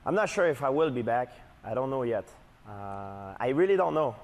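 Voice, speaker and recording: A man with a French-Canadian accent, a native French speaker, speaking over the phone as a guest, halting with many fillers. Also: mid-range voice, animated, a little mellow. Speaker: guest athlete. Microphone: telephone.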